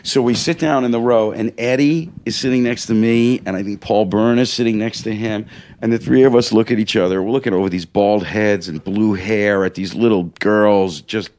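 A man with a fairly low voice tells a story in a casual chat. He rambles and keeps restarting his sentences. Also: moderate pace, darkish tone.

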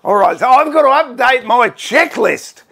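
A man's voice: very high voice, expressive, moderate pace, gravelly, a bit bright. A middle-aged Australian man hosting a woodworking livestream, chatting casually, greeting viewers by name and joking about himself.

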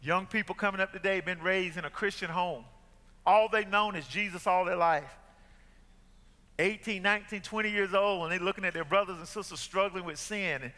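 High, bright-voiced preacher man in a reverberant church. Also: a little fast. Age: middle-aged. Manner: impassioned, repetitive preaching with audience call-and-response. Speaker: pastor. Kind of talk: sermon. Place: church sanctuary with gallery. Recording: long hall reverb from church.

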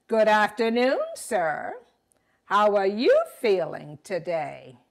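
A woman voicing a male buzzard, a smooth-talking trickster with oily, polite courtesy. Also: mid-range voice, lively intonation, takes it slowly. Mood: sly courtesy.

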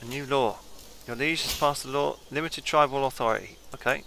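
A man with a gravelly, crackling voice that still cuts through bright and forceful. He chats casually over his game, thinking aloud and drifting off mid-thought as he weighs each choice. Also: mid-range voice, brisk. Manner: musing, thinking aloud, trailing off. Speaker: gameplay commentator. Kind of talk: casual let's-play commentary.

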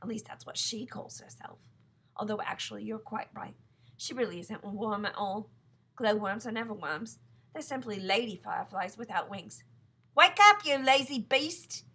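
A woman reading aloud, voicing a bossy, grumpy male centipede in a storybook, loud and impatient. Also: medium pitch, moderate pace, husky. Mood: matter-of-fact.

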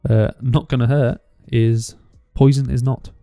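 A man co-hosting a podcast, relaxed and wisecracking in casual chat. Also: mid-range voice, measured pace, creaky, no echo, clean studio sound, faint music behind. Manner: relaxed, wisecracking, laughs often. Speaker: podcast co-host.

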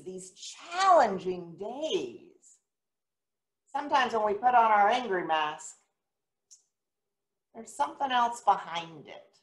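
Slow, lively woman telling a children's sermon. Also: on the high side. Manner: gentle, storytelling, asks children questions. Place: church sanctuary. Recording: echoey church room.

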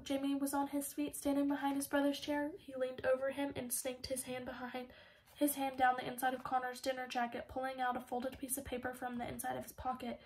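A woman narrates an audiobook in a slightly high voice. Her intonation stays fairly even and does not swing much. She voices every character's dialogue herself and now and then stumbles and restarts a word. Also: fairly quick, a little hiss or hum, rough recording. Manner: reads all the characters' dialogue in her own voice; occasional slips and restarts. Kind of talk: audiobook reading.

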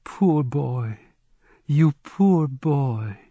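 A man voicing a sorrowful young woman in an audiobook, speaking more quietly than his narration. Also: fairly low pitch, unhurried, slightly rough, dry recording, muffled recording. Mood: tender. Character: sorrowful young woman, lover, pleading and commanding. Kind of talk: audiobook character reading.

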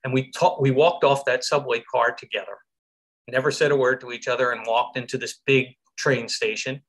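A middle-aged man from Philadelphia, a survivor giving an earnest, reflective talk over a live stream, with soft laughs now and then. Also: medium pitch, steady tone, normal speed. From Philadelphia, USA. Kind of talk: personal storytelling talk. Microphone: video call from home.

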